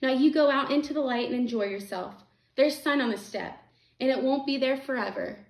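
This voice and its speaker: A tired, kindly old woman speaks in a soft, tender voice, played by a woman reading a novel aloud. The voice sits a little high and carries a gentle, grieving weight. The recording has a roomy echo. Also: fairly quick. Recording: echoey room.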